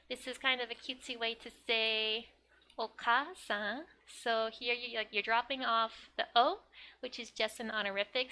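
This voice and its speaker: A woman's voice: fairly high pitch, pushed and bright, a little hiss or hum. A woman giving a casual lesson on a comic, chatty and full of "like" fillers, with frequent laughs. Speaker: Japanese teacher.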